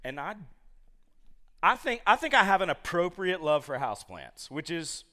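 A male preacher giving a sermon to a live congregation, telling stories in an animated, jokey way with many asides. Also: fairly high pitch, normal speed.

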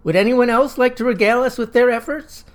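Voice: mid-range voice, fairly even intonation, quick pace, pitched above the performer's own voice, close to an everyday voice. A narrator doing a pompous bookish teacher. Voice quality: lofty, quotation-heavy delivery. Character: pompous scholarly male teacher who quotes classics.

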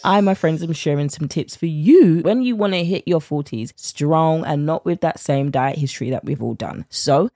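A woman's voice: low voice, moderate pace, hardly any pauses, dark tone, soft background music. A woman in her late thirties with a British accent, hosting a podcast in a chatty, upbeat way and laughing often. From United Kingdom. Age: 30s. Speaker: podcast host and weight-loss coach. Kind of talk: scripted podcast intro and casual monologue.

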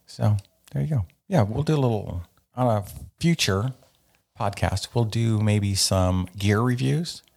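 A man's voice: fairly low pitch, a little slow, gravelly, darkish tone. A man co-hosting a podcast, chatting casually and rambling with lots of fillers and jokes. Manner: rambling, filler-heavy, joking. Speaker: podcast co-host. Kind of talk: casual chat.

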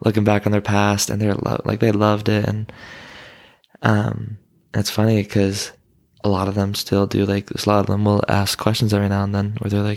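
Young guy rambling w lots of "like"s, gravelly low voice, kinda flat, dry mic. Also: moderate pace, dry recording. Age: young adult. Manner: rambling, many fillers. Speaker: guest, son of host. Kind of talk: casual chat.

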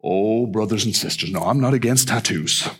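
A man preaching a sermon, telling stories and acting out the people in them with lively swings of voice. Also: lowish voice, normal speed, husky. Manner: animated storyteller who acts out the people in his stories. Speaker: pastor.

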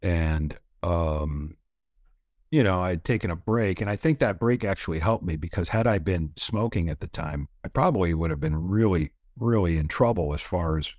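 A man's voice: sits low, lively intonation, normal speed, darkish tone, no echo, clean studio sound. A middle-aged man from Canada, candidly telling a long personal story in a casual interview, rambling with many fillers and frequent swearing. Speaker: podcast guest.

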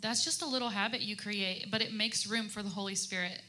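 A woman's voice: medium pitch, brisk, bright, forceful tone. A woman in her thirties on a faith-based panel, speaking earnestly about home habits with fillers.

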